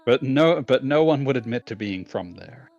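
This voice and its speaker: A man's voice: medium pitch, expressive, normal speed, darkish tone, no room sound, lo-fi sound. A man co-hosting a let's play, dropping dry, wry remarks in casual chat.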